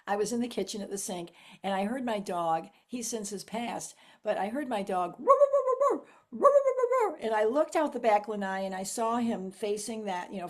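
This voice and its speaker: A woman hosting an interview, gushing and animated, quick to laugh in casual chat. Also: mid-range voice. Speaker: interview host.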